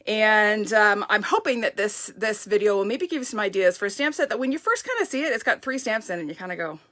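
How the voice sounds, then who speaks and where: A woman's voice: medium pitch, animated, fast, fairly bright tone. A woman hosting a casual live stamping craft demo, chatty and upbeat, greeting viewers by name. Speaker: stamping craft demonstrator, host.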